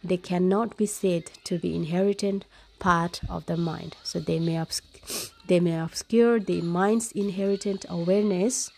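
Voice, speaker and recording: A woman with a fairly low voice reads a text aloud in a relaxed, casual way. She stops now and then to explain it in simple words, and she is sick with a cough. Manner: reads from a web page, adds plain explanations. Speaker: parent and vlogger.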